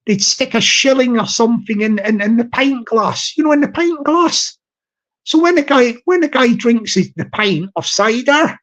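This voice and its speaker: A man's voice: extremely high pitch, moderate pace, a bit bright. A man hosting a live stream, chatting in a rambling way with many restarts and tangents. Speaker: livestream host.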